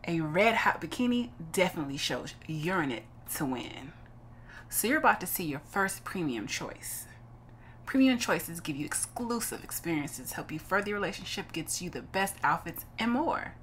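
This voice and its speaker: A woman's voice: lowish voice, big pitch swings, normal speed, fairly bright tone, slight background noise. A woman voicing an upbeat female love coach and stylist in a dating game, reading the lines aloud in a bubbly, encouraging way.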